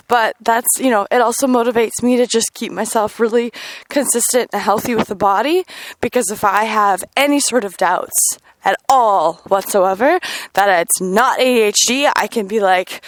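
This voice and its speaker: A woman hosting a podcast, talking candidly in a personal monologue, emotional and profane, swinging between loud outbursts and quiet murmurs. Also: mid-range voice, moderate pace. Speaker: podcast host.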